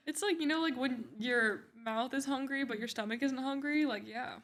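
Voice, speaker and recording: A woman's voice: high voice, normal speed, fairly bright tone. A young adult woman co-hosting a casual talk show, loose and easygoing, full of "like" and "you know". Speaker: podcast co-host. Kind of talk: casual chat.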